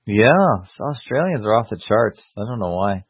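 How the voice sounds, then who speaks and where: A man's voice: on the low side, big pitch swings, moderate pace, breathy edge, no echo. Dry-humored Canadian man hosting. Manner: dry, wisecracking. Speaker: podcast host. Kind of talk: casual chat. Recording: dry, dull lo-fi sound.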